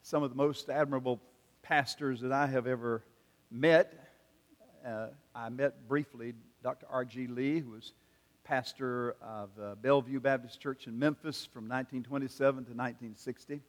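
An older man preaches with earnest, measured pacing and frequent pauses. His mid-pitched voice carries a long reverb from a large hall. He tells stories in the slow, deliberate cadence of a pastor. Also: steady tone. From South Carolina. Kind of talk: sermon with storytelling.

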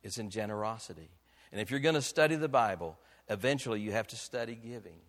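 A man preaching a sermon as pastor, emphatic, with rhetorical questions, swinging between loud declarations and quiet, earnest passages. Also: lowish voice, animated, fast, long reverb tail. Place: church sanctuary.

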